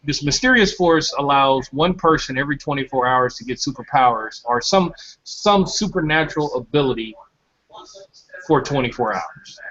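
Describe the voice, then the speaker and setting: A man eagerly pitches a story idea over a video call. His voice is bright and swings widely in pitch, and the call audio is dull and lo-fi. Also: expressive, moderate pace. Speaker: artist on a show. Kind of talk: casual chat on a video call.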